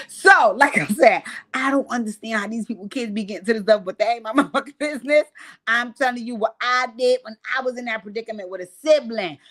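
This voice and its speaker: A woman's voice: mid-range voice, animated, brisk, a bit bright. A middle-aged woman, hosting and telling stories to her audience in a loose, profane way, laughing often as she goes. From New York. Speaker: host. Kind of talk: casual storytelling to a live audience.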